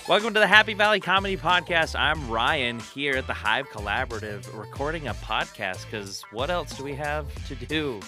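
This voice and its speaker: A man's voice: medium pitch, moderate pace, few pauses, over music. A man hosting a comedy podcast, chatty and enthusiastic, laughing often. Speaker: podcast host. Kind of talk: casual podcast chat.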